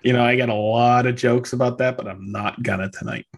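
A man's voice: mid-range voice, fairly even intonation, a little fast. A man co-hosting a casual podcast, joking and interjecting. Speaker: podcast co-host. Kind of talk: casual chat.

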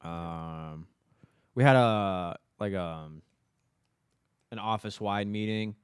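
A man in his twenties co-hosting a podcast, chatting casually and haltingly with lots of fillers and swearing. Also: on the low side, clear, resonant tone, no room sound, clean studio sound. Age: 20s. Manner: laid-back, halting with many fillers and swearing. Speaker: podcast co-host. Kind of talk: casual chat.

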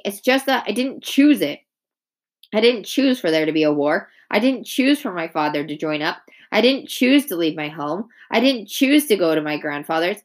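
A woman's voice: mid-range voice, close to an everyday voice. A woman reading aloud voices a tearful, frustrated young boy who talks back defensively.

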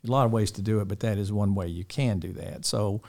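A man's voice: on the low side, fast, vocal fry. An older man, a school dean, chatting in an interview with many restarts and fond chuckles. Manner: rambling, warm-hearted, with many restarts and chuckles. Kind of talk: casual interview chat.

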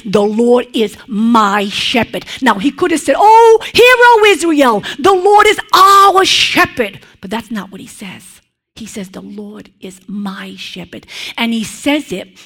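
Expressive woman preacher, fairly high voice. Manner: emphatic, expressive, checks in with listeners; conversational asides to congregation. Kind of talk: sermon with prayer.

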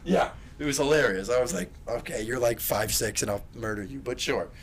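A young man co-hosting a podcast, telling profane, rambling stories in casual chat with loud bursts. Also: mid-range voice, a little fast. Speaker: podcast co-host.

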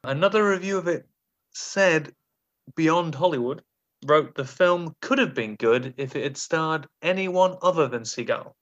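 Man, comedic podcast host, slightly higher voice, quick joking delivery. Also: fairly bright tone, dull audio. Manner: jokey, quick, reads quotes and acts out silly lines. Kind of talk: comedic casual chat.

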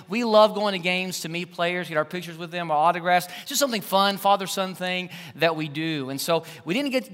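A pastor with a bright, high voice preaches a sermon full of personal stories in a hall with long church reverb. He tells them animatedly and emphatically, swinging between loud and hushed.

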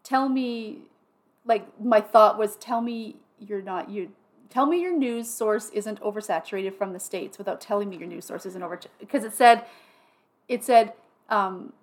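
A woman co-hosting a podcast chats casually, telling stories with animation and loudly acting out quotes, swearing along the way. Her voice sits at medium pitch and moves at an unhurried pace, captured on a podcast microphone.

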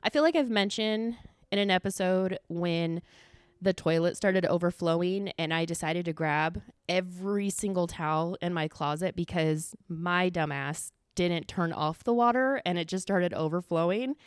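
A woman hosting a casual solo podcast, talking fast and running short of breath, chatty and full of "like" and casual swearing. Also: on the low side, clear, resonant tone, dry recording, clean studio sound. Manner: talks fast without pausing for breath, gets winded. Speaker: podcast host.

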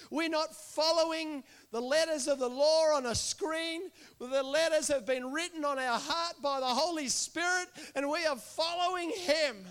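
A man's voice: very high-pitched, normal speed, a bit bright. A man preaching a sermon to a congregation, earnest and repetitive, building to impassioned calls. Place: church.

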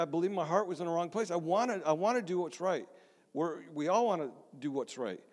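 Here a middle-aged pastor gives a sermon testimony, telling his own story with frequent restarts and a chatty, self-mocking touch. The voice is on the high side with a darkish tone, heard through long hall reverb.

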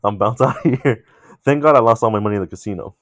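A young man casually telling a long, animated story among friends, swearing freely. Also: on the low side, fast talker, dry recording, clean studio sound.

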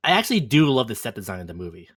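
Man, podcast guest, eager storyteller, rapid, bright. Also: fairly low pitch, very animated, husky. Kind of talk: casual chat.

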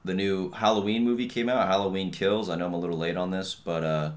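A young man holds forth on a podcast in a loose, profane rant, full of fillers and asides. His voice sits a little low for a man. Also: fast talker. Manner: profane, blunt, heavy on filler and "you know what I mean". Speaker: podcast host. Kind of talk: casual rant.

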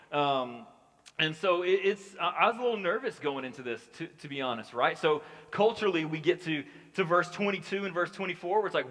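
A man's voice: a little high, a little fast, fairly bright tone. A man preaching as pastor in a casual sermon, chatty and joking in his asides. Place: church hall. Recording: long hall reverb.

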